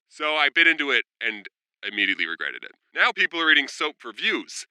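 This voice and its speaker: A man in his twenties telling funny childhood stories in a sarcastic storytime monologue, with deadpan asides and quick jumps into character voices. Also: a little high, clear, resonant tone, no room sound, rough recording. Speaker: storytime vlogger.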